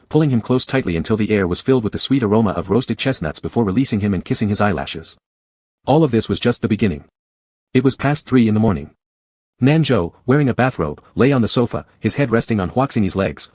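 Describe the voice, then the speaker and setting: A man giving an even, unhurried scripted narration of a romance story. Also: on the low side, slightly rough, no room sound.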